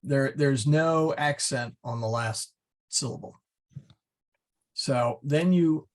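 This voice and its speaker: A Latin teacher, male, with a mid-range voice, teaches a class. He explains patiently and methodically, step by step, pausing often and using fillers.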